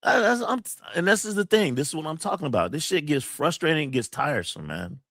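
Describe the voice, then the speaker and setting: A man's voice: on the high side, sing-song, quick pace, a bit bright, no echo, clean studio sound. A man hosting a livestream, reading chat comments and venting emphatically, with plenty of profanity. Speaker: college teacher and livestream host.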